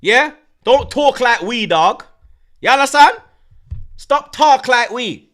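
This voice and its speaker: A man with a Jamaican accent hosting a stream, ranting loudly and teasingly in slang and patois. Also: very high-pitched, expressive, slow pace. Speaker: host. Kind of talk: heated livestream rant.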